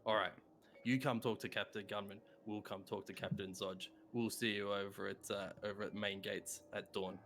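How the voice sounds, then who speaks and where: A man's voice: lowish voice, level tone, moderate pace, vocal fry, fairly bright tone, a little hiss or hum. A man voicing a brusque guard captain. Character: blustering male city guard captain.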